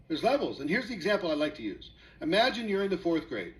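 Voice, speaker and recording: A man's voice: a little high, big pitch swings, fast, low-quality recording. A man speaking as a network marketing presenter, telling a story with rhetorical questions to his audience in a motivational talk.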